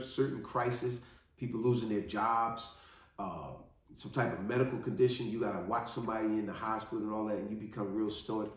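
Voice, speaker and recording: A man telling a personal story in an earnest, animated monologue, often restarting his sentences. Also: on the low side. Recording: very echoey room.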